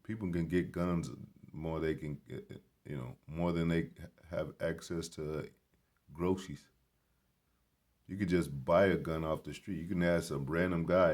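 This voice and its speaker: A man's voice: low-pitched, fairly even intonation, normal speed, darkish tone. A man in a casual, rambling vlog commentary at a grocery store. He talks in an emphatic, preachy and blunt way and swears freely. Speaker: vlogger.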